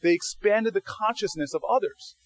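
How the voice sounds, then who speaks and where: A man speaking to an audience as guest speaker, answering questions as an animated storyteller who restarts often and acts out the people he quotes. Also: high voice, moderate pace, no echo, low-quality recording.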